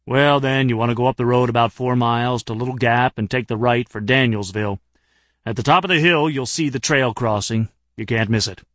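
A man voicing an older, trim security chief with a drill-sergeant bearing, who speaks in a brisk, level and authoritative way. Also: mid-range voice, fairly even intonation, a bit bright, dry recording, studio quality, close to an everyday voice. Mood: calm.

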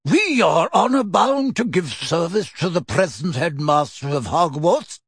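A man's voice: on the high side, lively intonation, unhurried, slightly rough, no echo, clean studio sound, voice pushed up. A man voicing a frail old wizard who protests with indignant, dutiful outrage.

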